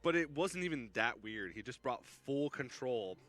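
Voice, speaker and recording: A man's voice: mid-range voice, animated, normal speed, a bit bright, soft background music. Analytical male esports co-caster. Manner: analytical, dry jokes. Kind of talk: live esports commentary.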